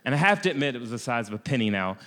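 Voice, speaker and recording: A man's voice: mid-range voice, racing, long reverb tail. American man telling a comic travel story. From United States. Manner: lively, self-mocking, with frequent restarts. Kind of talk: comic personal travel anecdote.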